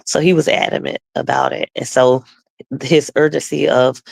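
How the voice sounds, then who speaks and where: A woman's voice: rumbling low, fairly even intonation, normal speed, gravelly, darkish tone, dry recording. A woman guest telling her personal faith testimony, acting out the people in her story and often losing her words and restarting. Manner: loses her words and restarts mid-sentence.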